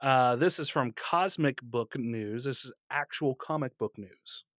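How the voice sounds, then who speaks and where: A man's voice: mid-range voice, measured pace, fairly bright tone, dry recording. A man co-hosting a casual podcast in a mid-range voice. He teases and jokes, then reads comic news aloud with small stumbles. The sound is dry and close to the mic. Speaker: podcast co-host. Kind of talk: casual banter and reading news.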